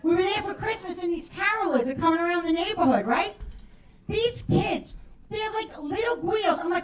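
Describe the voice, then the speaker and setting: Brash high-voiced woman doing stand-up. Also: lively intonation, moderate pace. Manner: brash, profane, acts out quoted voices. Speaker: stand-up comedian. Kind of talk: stand-up set. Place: comedy club stage. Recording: roomy club sound from a distance with crowd.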